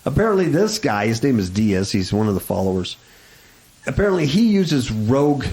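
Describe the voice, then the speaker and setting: A man's voice: medium pitch, very animated, moderate pace, darkish tone, low-quality recording. A man hosting a radio talk show, chatting casually in a sarcastic, mocking way. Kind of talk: casual chat.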